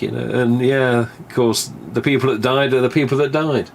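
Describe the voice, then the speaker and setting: A man's voice: medium pitch, brisk, few pauses, a little hiss or hum. A man, hosting a live stream in a rambling, casual monologue, swearing freely and acting out remembered conversations. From England. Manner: chatty, swears casually, acts out remembered dialogue.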